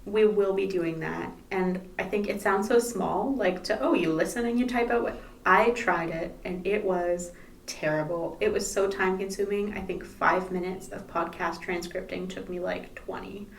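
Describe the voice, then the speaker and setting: A woman's voice: mid-range voice, normal speed, creaky, a little hiss or hum. Woman co-host, chatty and laughing, recorded roomy from a few feet off. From Canada. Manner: chatty, laughs often, says um a lot. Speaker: podcast co-host. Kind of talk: casual chat. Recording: roomy sound, mic at a distance.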